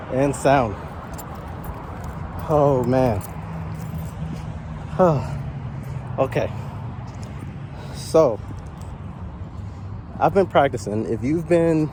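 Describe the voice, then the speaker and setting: Winded guy chatting to his camera outside by a highway, lively storytelling, faint traffic hum. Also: very slow, long pauses. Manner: chatty, animated storytelling with exclamations. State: out of breath from walking. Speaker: vlogger. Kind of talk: casual storytelling vlog. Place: outdoors by a highway at night. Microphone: small handheld action camera. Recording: faint outdoor traffic noise.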